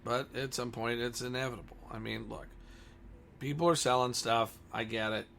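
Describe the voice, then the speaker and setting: Gravelly man, blunt combative rant, faint background hiss. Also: medium pitch, fairly even intonation, moderate pace, fairly bright tone. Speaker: comic store owner. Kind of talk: ranting monologue.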